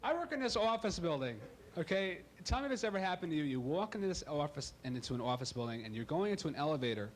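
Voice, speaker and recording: Animated stand-up comic, high and lively. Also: male voice, quick pace. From Ohio. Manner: animated, puts on silly voices for bits. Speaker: stand-up comedian. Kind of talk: stand-up comedy routine. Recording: live club recording with audible crowd noise.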